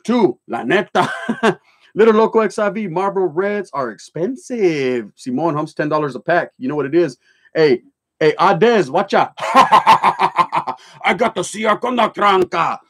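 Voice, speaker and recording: Streamer, middle-aged man, slightly high pitch, blunt street-slang storyteller. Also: lively intonation, a little slow, a bit bright, breathy edge. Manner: streetwise slang mixed with Spanish words, heavy swearing; blunt, storytelling, joking then serious. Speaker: livestream host. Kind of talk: casual livestream chat, reading comments aloud.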